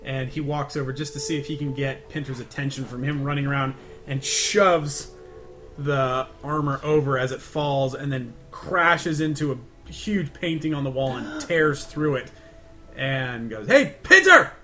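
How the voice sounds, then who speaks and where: A man's voice: medium pitch, steady tone, a little slow, a bit bright. A man playing a tabletop game who narrates his character's actions, stumbling over words. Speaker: player.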